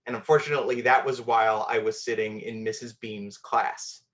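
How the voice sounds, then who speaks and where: A man's voice: medium pitch, steady tone, normal speed, a bit bright. A man telling a personal story on a storytelling show, conversational and self-deprecating, with fillers.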